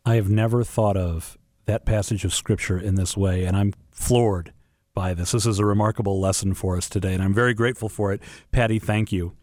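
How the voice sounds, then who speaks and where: A man's voice: lowish voice, steady tone, fairly quick, darkish tone, no room sound. A man hosting a radio show from a studio, friendly and sincere. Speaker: radio host.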